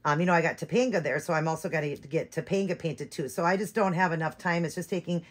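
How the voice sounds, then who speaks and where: A woman who hosts a doll-collecting channel chats casually and rambles, with many fillers and restarts. She talks fast in a low-pitched voice.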